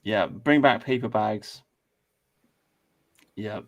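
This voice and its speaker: A man hosting a podcast in a casual, animated way, swearing freely and laughing easily. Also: lowish voice, takes it slowly. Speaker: podcast host. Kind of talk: casual chat.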